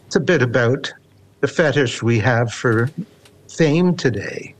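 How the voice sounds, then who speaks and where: Older canadian man, seventies, wry and reflective, unhurried interview talk, reads his verse aloud. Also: mid-range voice, lively intonation. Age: 70s. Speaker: poet guest. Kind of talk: casual interview and poetry reading.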